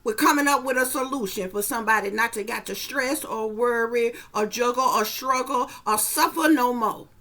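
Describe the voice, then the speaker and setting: A woman's voice: on the high side, normal speed, few pauses, bright, forceful tone. A woman doing a psychic reading for viewers in a blunt, profane, rambling casual talk. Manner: blunt, profane, rambling, repeats "you know what I'm saying". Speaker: psychic reader.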